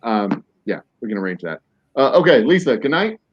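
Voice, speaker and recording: A man's voice: medium pitch, very animated, normal speed, a little hiss or hum. A man hosting a podcast in casual chat, rambling through jokey, mock-serious tangents. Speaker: podcast host. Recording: dull lo-fi, dry.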